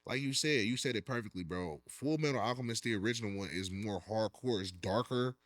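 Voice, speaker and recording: A man's voice: fairly low pitch, a little fast. A man co-hosting a podcast, talking emphatically and with strong opinions in heavy slang. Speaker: podcast co-host. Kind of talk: casual chat about anime.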